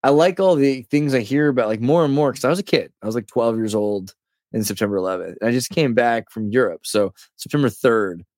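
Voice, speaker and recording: A man in his thirties from California, a podcast guest telling rambling, animated stories in casual conversation. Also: mid-range voice, fairly quick, no echo, studio quality. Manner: rambling, animated storyteller who says "dude" and "like".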